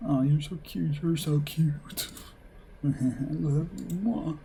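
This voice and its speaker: A man's voice: fairly high pitch, slow, creaky, dark tone, a little hiss or hum. A man voicing a clingy, lovey-dovey young woman who coos and gushes over her boyfriend. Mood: cooing. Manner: gushing, cooing, sing-song.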